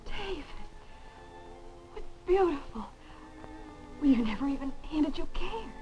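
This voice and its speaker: A young secretary in a 1940s film, with a high, singing voice that climbs and dips. She talks with bright, quick feeling. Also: animated, soft background music, rough recording. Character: lively young woman, newly engaged secretary.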